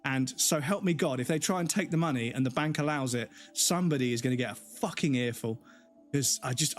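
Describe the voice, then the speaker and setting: A man's voice: mid-range voice, a little fast, faint music behind. A man, a gaming streamer, angrily ranting in a casual live stream full of swearing. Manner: angry, profane ranting.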